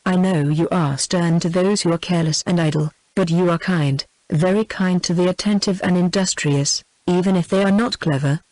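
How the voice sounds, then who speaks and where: A synthetic British English woman's voice reading the lines of a shy, earnest young woman pupil in an even, unhurried way. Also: lowish voice, no room sound, close to an everyday voice, low-quality recording.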